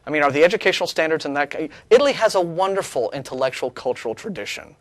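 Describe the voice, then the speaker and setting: A sarcastic man co-hosts a casual talk show, reading an email aloud and rebutting it in a racing, animated voice that swings up and down a lot. His slightly high voice sounds close and dry, with no echo or room behind it. He keeps stopping and restarting his sentences.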